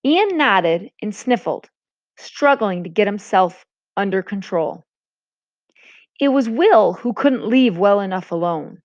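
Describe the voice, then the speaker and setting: A woman, a teacher, reading a novel aloud to a class with a brisk, expressive delivery. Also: medium pitch. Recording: dull lo-fi recording.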